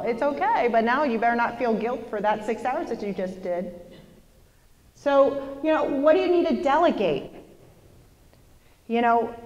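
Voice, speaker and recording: A woman leading a motivational seminar, talking in a lively, chatty way and putting questions to her audience. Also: on the high side, in a large hall. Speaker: workshop presenter. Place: lecture hall with an audience.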